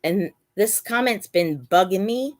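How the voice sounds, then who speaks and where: A woman running a casual livestream from her bed at home is emotional and nearly crying, with a dry mouth, and she chats to her pets mid-stream. She speaks a little slowly in an animated, medium-pitched voice.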